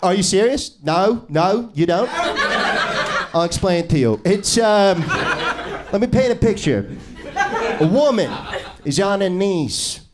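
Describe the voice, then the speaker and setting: A man's voice: high voice, lively intonation, measured pace, pauses often. A male stand-up comedian doing an improvised set in a small comedy club, brash and crude, needling the crowd.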